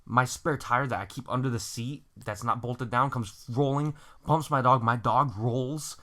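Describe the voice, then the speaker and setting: A man casually telling a profane story on a friends' podcast, acting out his own yelling. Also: medium pitch, unhurried. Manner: animated, profane, acts out his own shouting. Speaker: podcast co-host.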